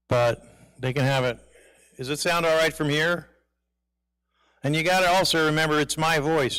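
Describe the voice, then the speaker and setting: A man's voice: a little high, fairly bright tone. A man running a casual sound check in a church, chatting and asking the room how the mic sounds, holding it near and far. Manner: chatty, asks the room questions. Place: church sanctuary. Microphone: handheld mic, held at varying distances.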